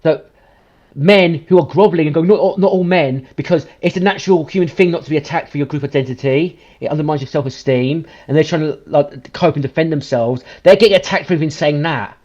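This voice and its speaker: A man's voice: fairly high pitch, fast, a little mellow. A man hosting a commentary podcast, ranting with emphatic, profane outbursts. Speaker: podcast host. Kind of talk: heated commentary. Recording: slightly muffled lo-fi sound.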